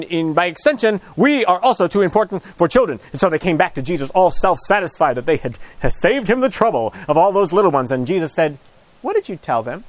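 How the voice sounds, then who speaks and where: High-voiced animated male preacher. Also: dry recording. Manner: animated, acts out gospel scenes with shifting pitch and hushed lines. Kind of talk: storytelling sermon.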